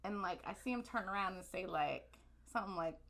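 A woman, co-hosting a podcast and telling a long, profane story in a loose, animated way. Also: on the low side, a little fast, gravelly. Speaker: podcast co-host. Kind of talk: casual storytelling chat.

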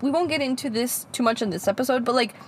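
A woman's voice: high voice, quick pace, slight background noise. A young woman co-hosting a podcast, joking and teasing in casual banter. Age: young adult. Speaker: podcast co-host. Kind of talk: casual chat.

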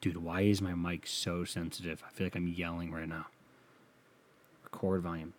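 A man's voice: sits low, flat delivery, normal speed. A man hosting a casual solo podcast from a small home studio, talking crude and rambling and mocking himself, close on a sensitive mic. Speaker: podcast host.

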